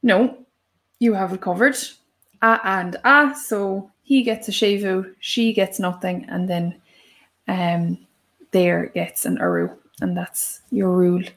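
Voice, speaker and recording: A woman's voice: medium pitch, expressive, slow pace, a bit bright. A woman with an Irish accent, co-hosting a live language lesson, explaining phrases in a chatty, emphatic way. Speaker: Irish language teacher, co-host.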